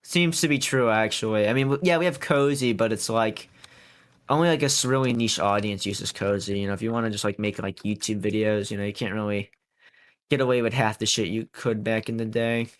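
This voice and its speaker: A man's voice: lowish voice, steady tone, a little fast. Young man rambling in casual chat. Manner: rambling, filler-heavy and profane. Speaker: podcast co-host.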